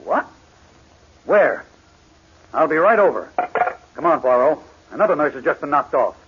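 An actor playing a brisk, slangy New police inspector in 1940s radio acting, on a dull old recording. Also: male voice, on the high side, sing-song, background noise. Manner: brisk, matter-of-fact, slangy. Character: blunt, gruff New York police inspector.

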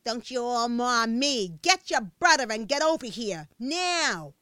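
A woman voicing a stern, tall mother who yells scolding commands at her son from down the block. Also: fairly high pitch, very animated, unhurried, smooth, dry recording, clean studio sound, full character voice. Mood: yelling angrily.

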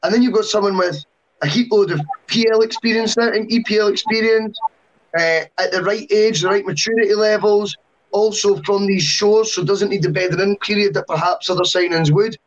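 Male podcast co-host, high pitch, rambling casual talk, muffled remote recording. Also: steady tone, fairly quick. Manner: chatty, long-winded with asides. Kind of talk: casual football podcast chat.

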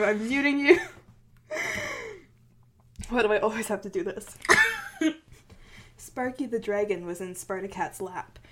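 A woman co-hosting a podcast, chatting casually and reading fan fiction aloud, bursting into high laughter as she goes. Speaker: podcast co-host.

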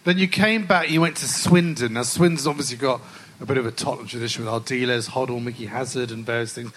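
A man's voice: medium pitch, fast talker, a bit bright, low-quality recording. A male podcast host interviewing a guest at a live club show, chatty, jokey and enthusiastic as a fan. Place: live stage event at a club.

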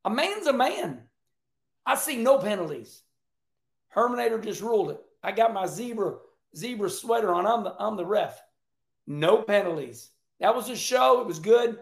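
High gravelly-voiced man hosting commentary. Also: moderate pace, reverberant. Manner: animated, emphatic, repeats himself. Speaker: host. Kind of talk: casual race commentary.

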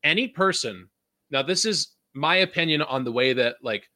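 A man's voice: a little high, animated, moderate pace, bright, forceful tone, dry recording, clean studio sound. A young man from Vancouver hosting a podcast, ranting in a casual, profane, rambling way and laughing often. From Vancouver, Canada. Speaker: podcast host.

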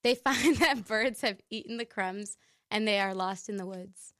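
A woman's voice: mid-range voice, measured pace, a bit bright, no room sound, clean studio sound. A woman co-hosting a radio show, chatting playfully with a laugh and reading a story aloud. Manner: giggly, playful. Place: radio studio.

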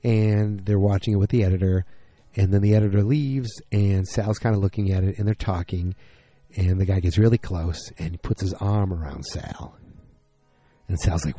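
A tired, low-voiced man recaps a TV episode in a loose, rambling way. His tone is very dark and a little husky, recorded dry and close. He keeps slipping into his characters' lines in quick bursts. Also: fairly even intonation, no room sound, faint music behind. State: tired, yawning. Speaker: podcast host recapping a TV episode. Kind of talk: casual recap.

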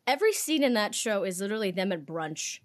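A woman's voice: mid-range voice, sing-song, moderate pace. Sarcastic young woman podcast host. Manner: sarcastic, opinionated, mock accents. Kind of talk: casual chat.

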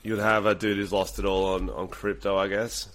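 A man with an Australian accent co-hosting a podcast, chatting casually in an animated, swearing way. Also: on the low side, a little hiss or hum. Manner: animated, swearing, quick to laugh. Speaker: podcast co-host. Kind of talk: casual chat.

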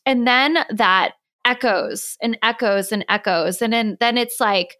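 Affirming woman host, slightly high voice. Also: unhurried, few pauses, clean tone. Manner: warm, affirming, restates the guest's points. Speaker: podcast host. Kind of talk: conversational interview.

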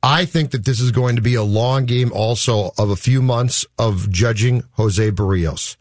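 A man co-hosting sports talk radio, laying out his view in a measured way. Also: mid-range voice, darkish tone, no echo, clean studio sound. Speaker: radio co-host.

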